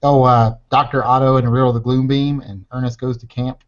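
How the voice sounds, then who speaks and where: A man's voice: mid-range voice, flat delivery, a little fast, muffled recording. A man on a casual chat panel, wisecracking and swearing freely. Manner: profane, wisecracking.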